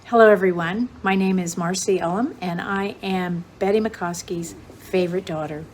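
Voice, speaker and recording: A woman's voice: lowish voice, moderate pace, slight background noise. A woman in her seventies giving a grateful, reminiscing birthday tribute to her mother. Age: 70s. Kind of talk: prepared tribute speech.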